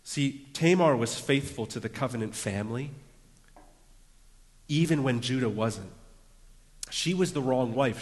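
A man delivers a sermon from the pulpit, earnest and deliberate, his voice falling to a near hush on key phrases. His pitch sits in an ordinary middle range. A long reverb trails every line, as if he stands in a big hall. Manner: earnest preaching, dropping to a hush for emphasis. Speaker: pastor.

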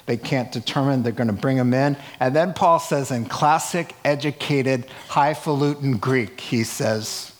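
A man preaching a sermon, telling a scripture story in an animated way with chuckling asides and acted-out quotes. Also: mid-range voice, measured pace, hardly any pauses. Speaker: pastor.

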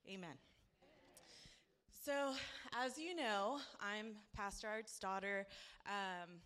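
A woman's voice: medium pitch, slow, a bit bright, clean tone. A woman giving a heartfelt personal testimony at church, speaking earnestly and building to emphatic praise.

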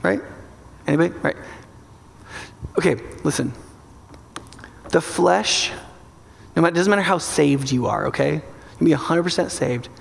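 A man preaching a sermon in an animated, joking way, now and then acting out inner voices. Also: a little high, moderate pace, gravelly, pauses often. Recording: large hall with long reverb.

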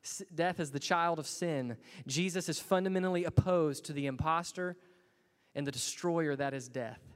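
A man's voice: a little high, normal speed, smooth, big-room sound. A man preaching a sermon in a church, earnest and building to emphatic bursts. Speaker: pastor.

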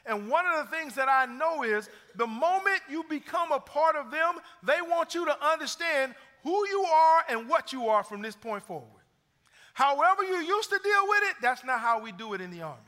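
A man's voice: extremely high pitch, sing-song, normal speed, sharp tone. A middle-aged man preaching a sermon as pastor, building emphasis and retelling stories with energy. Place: church sanctuary. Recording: long hall reverb.

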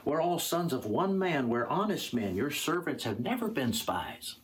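A man's voice: very animated, normal speed, slight background noise. A man voicing Joseph's frightened brothers in a scripture reading, pleading their innocence in a raised voice. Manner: pleading, higher and urgent.

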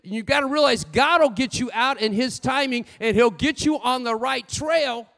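A man preaching a sermon with lively storytelling, swinging between loud bursts and hushed asides. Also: very high voice, moderate pace, long reverb tail.

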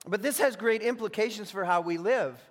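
A man preaching from the pulpit, his voice sitting high for a man. He is emphatic and slows right down to lean on key phrases, now and then stumbling into doubled words. A long hall reverb trails after each line, as in a large church. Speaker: pastor. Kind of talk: sermon.

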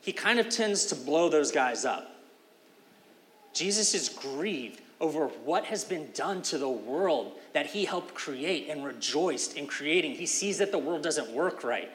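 A man's voice: a little high, lively intonation, a little slow, fairly bright tone. Man preaching in a reverberant hall. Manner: conversational, emphatic preaching with casual fillers. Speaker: pastor. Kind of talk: sermon.

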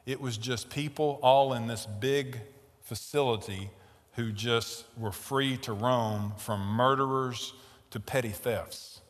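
A man preaching a sermon, telling a story and growing loud and animated in tense moments. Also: medium pitch, slow pace, long reverb tail. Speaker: pastor. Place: large tent.

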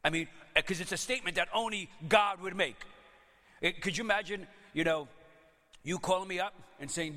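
Pastor, male, fairly high voice, chatty storytelling sermon, church hall reverb. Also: fast. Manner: conversational, animated storytelling with playful asides.

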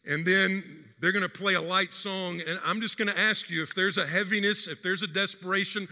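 Bright-voiced preacher in a reverberant church. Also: male voice, high-pitched, steady tone, normal speed. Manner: storytelling, addresses the congregation directly. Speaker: pastor. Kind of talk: sermon. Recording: long hall reverb in a church.

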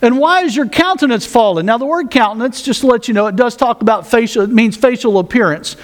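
A man's voice: very high-pitched, quick pace. A man pastor preaching a sermon, folksy with joking asides, reading scripture aloud.

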